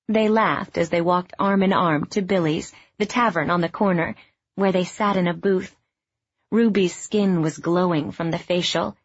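A woman reading a novel aloud in scripted narration, even and measured. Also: lowish voice, husky, no room sound, muffled recording. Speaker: audiobook narrator.

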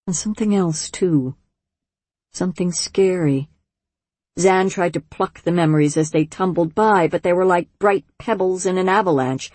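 Woman audiobook narrator, low breathy voice, calm measured storytelling, dry studio sound. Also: no room sound. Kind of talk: scripted narration.

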